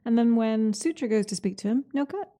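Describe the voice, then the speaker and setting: A woman co-hosting a podcast, cutting in with quick questions about a TV episode. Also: fairly high pitch, expressive, dark tone. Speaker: podcast co-host. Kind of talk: casual chat.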